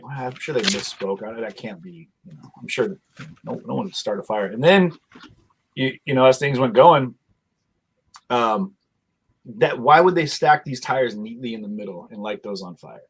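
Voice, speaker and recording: A man's voice: mid-range voice, slightly rough, rough recording. A man hosting a casual online chat, rambling and retelling his own exchanges with many restarts. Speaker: host.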